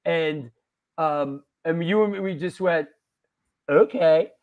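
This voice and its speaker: A man chatting casually and excitedly about old shoots, with swearing and street slang. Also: a little high, measured pace, narrow, tinny audio. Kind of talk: casual chat on a livestream.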